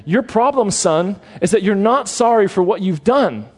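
A man's voice: high voice, expressive, moderate pace, a little mellow. A male preacher voicing a firm mother scolding her young son. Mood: stern.

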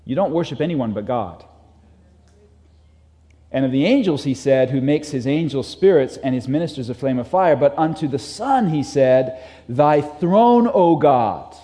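A man's voice: mid-range voice, animated, normal speed, warm tone. A man preaching a sermon, emphatic and repeating his key phrases, reading scripture aloud to a congregation. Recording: long hall reverb.

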